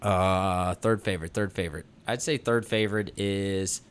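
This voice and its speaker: A man co-hosting a casual beer-tasting podcast in a laid-back way, sometimes slowly reading out lines. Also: sits low, fairly even intonation, a little hiss or hum. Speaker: podcast co-host.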